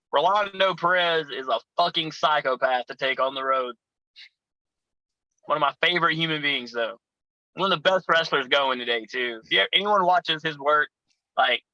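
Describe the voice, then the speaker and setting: A man's voice: fairly high pitch, sharp tone, no room sound, poor audio. A man telling profane, rowdy road stories in a casual chat as a guest. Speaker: pro wrestler guest.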